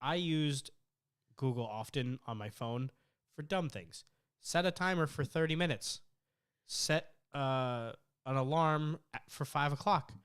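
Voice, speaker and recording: A young man co-hosting a podcast in casual chat, animated and swearing as he acts out arguments with his phone. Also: a little high, a little slow, smooth. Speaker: podcast co-host.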